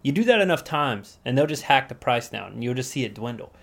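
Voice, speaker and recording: A man's voice: medium pitch, expressive, quick pace, vocal fry. A man co-hosting a casual podcast with a laid-back, crude, self-mocking way of talking. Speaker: podcast co-host. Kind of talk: casual chat.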